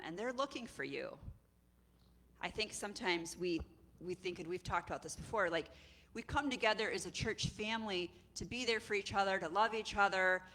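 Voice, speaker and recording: Bright-voiced woman preaching animatedly. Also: mid-range voice. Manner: animated, conversational storytelling with acted voices. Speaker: executive director and preacher. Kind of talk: sermon.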